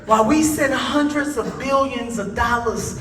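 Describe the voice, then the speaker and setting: A high-pitched woman preaches to a packed room in rising, folksy bursts, calling out to the audience. She is miked from a distance in an echoey hall, with a crowd reacting and music underneath. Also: measured pace. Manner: rousing, folksy, addresses the crowd directly. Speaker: conference speaker. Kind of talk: impassioned speech with preacher-like cadence.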